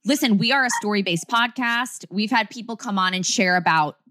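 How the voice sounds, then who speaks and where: A woman's voice: medium pitch, fairly quick, sharp tone. A woman with a New Jersey accent hosting a story podcast, gushing and enthusiastic as she interviews a guest. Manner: gushing, enthusiastic, repeats phrases. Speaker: podcast host. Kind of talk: casual interview chat.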